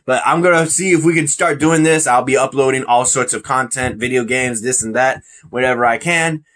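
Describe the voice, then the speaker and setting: A man's voice: medium pitch, a little fast, fairly bright tone. Rambling casual man hosting a podcast. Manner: rambling, joking, trips over words. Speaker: podcast host. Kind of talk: casual chat.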